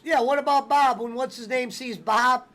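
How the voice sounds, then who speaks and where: A man hosting a wrestling watch-along, chatting casually and excitably, swearing often and acting out movie scenes as he talks. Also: extremely high pitch, moderate pace. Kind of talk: casual profane chat.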